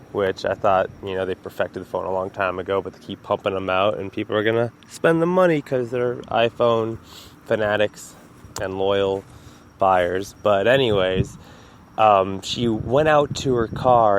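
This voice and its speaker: A man's voice: lowish voice, slight background noise. A man hosting a casual solo podcast from home, telling rambling stories, swearing freely and laughing at them. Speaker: podcast host.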